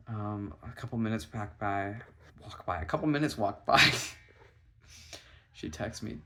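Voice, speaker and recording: A young man telling a rambling, anxious story about himself, swearing and loudly acting out his own lines. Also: on the low side, moderate pace. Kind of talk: casual storytime monologue.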